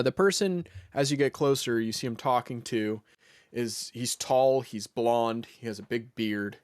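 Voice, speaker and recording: A man narrating a tabletop role-playing game as game master, in a relaxed, rambling way with many fillers. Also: mid-range voice, no echo, studio quality.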